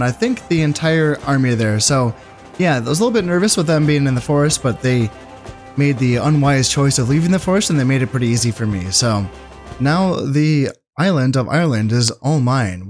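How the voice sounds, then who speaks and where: A man casually commentating his strategy game, thinking aloud in a relaxed, musing way with fillers. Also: medium pitch. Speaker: gameplay commentator. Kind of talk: casual let's-play commentary.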